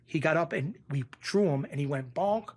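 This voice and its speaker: A middle-aged man with a Western Massachusetts accent, speaking in a fairly high voice. He tells stories in a casual interview and acts out the people in them by raising his voice. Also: moderate pace. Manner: animated, acts out quoted voices in a raised pitch. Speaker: interview guest, former bookmaker.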